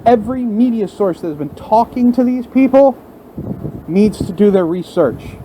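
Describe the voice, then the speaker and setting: High-voiced man ranting and swearing. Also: animated, normal speed, mellow, a little hiss or hum, poor audio. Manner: heated, profane ranting. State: angry. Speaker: vlogger. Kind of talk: unscripted rant to camera. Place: at work, in front of a large window. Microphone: phone.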